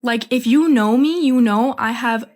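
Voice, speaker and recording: A woman's voice: on the high side, a little mellow. A young woman telling a casual storytime about her job, chatty and indignant, with lots of "like". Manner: chatty, fast, full of "like", quoting people with indignation. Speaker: storyteller recounting a job as a cashier.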